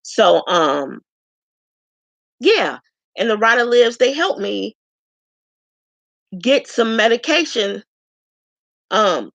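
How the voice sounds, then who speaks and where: A woman from Chicago introduces herself to viewers in a frank, chatty way, filling her pauses with ums. Her voice has a gravelly edge. The recording is dry and a little dull, with no room sound. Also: a little high, animated, fairly bright tone, no room sound. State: tearful at times. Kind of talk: casual self-introduction to camera.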